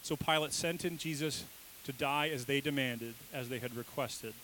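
A man preaches a sermon in a relaxed, conversational way at an ordinary pitch. He keeps checking in with his listeners and jumps into quoted voices with sudden emphasis. A faint hiss sits under the recording. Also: normal speed, rough recording. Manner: conversational, asks the congregation questions. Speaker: pastor.

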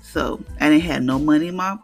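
A mother sharing an emotional personal testimony, halting and earnest, close to tears, with many restarts and repeated words. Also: sits low, vocal fry, soft background music.

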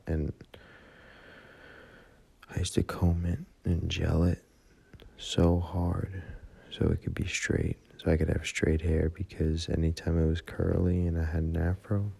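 A drunk man talks slowly into his phone, rambling and swearing. His voice sits very low and dark, with a husky, gravelly edge. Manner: rambling, profane, heartfelt. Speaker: voice memo rambler.

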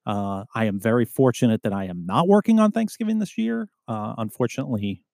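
A man's voice: medium pitch, animated, fairly quick, creaky, a little mellow, no room sound, clean studio sound. A man, a first responder and podcast host, bantering casually and teasing his co-host.

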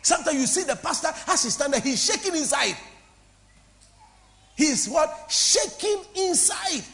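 A woman's voice: high-pitched, lively intonation, moderate pace, gravelly. Impassioned woman pastor preaching. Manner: impassioned, repetitive, swings from soft to loud, sing-song. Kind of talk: preaching a sermon with call-and-response. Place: church before a congregation.

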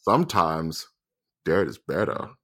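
A man co-hosting a podcast in casual chat, animated and joking with quick asides. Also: rumbling low. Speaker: podcast co-host.

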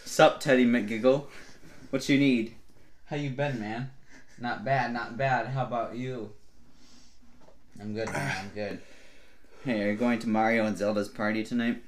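A man co-hosting a comedy podcast, reading absurd fan fiction aloud in a mostly flat voice and often breaking into laughter. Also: mid-range voice, moderate pace, long pauses, a little hiss or hum.

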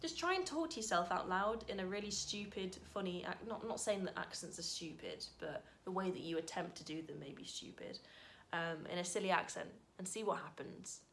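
A woman talking casually to her camera in a heartfelt vlog, thanking viewers and reflecting softly with sudden bright bursts. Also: fairly low pitch, fairly quick, hardly any pauses, slight background noise. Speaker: vlogger.

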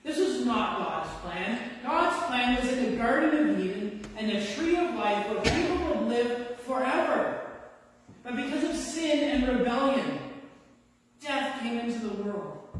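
A man's voice: very high voice, animated, slow, long pauses. A man preaching a sermon and reading scripture, asking his listeners rhetorical questions in a conversational way. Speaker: pastor. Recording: echoey hall, voice from a distance.

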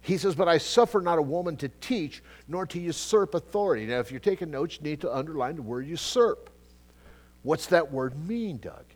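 A middle-aged man preaches in a relaxed, conversational sermon style, full of asides and repeated starts. His voice jumps from loud, emphatic peaks down to quiet, low remarks. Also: moderate pace. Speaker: pastor. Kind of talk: sermon, Bible teaching.

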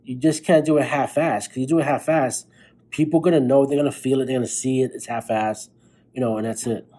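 A man's voice: medium pitch, fairly even intonation, a little fast, mellow, rough recording. A young man hosting a podcast, giving a blunt, profane motivational monologue late at night while tired. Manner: blunt, profane, fired-up pep talk. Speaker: podcast host.

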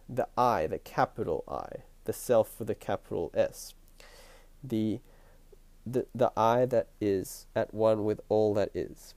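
A man hosting his own podcast with a stuffy, nasal voice and a croaky throat, musing in a reflective spiritual monologue and repeating his phrases as he thinks aloud. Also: lowish voice, mellow, dry recording. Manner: musing, repeats phrases, chuckles between thoughts. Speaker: podcast host. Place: at home at night.

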